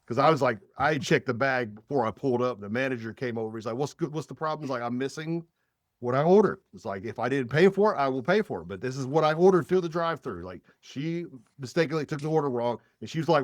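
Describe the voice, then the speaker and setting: A man's voice: mid-range voice, fast talker, dry recording. Rambling man telling stories, dry mic. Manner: rambling, animated storytelling with many fillers. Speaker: podcast guest. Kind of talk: casual chat.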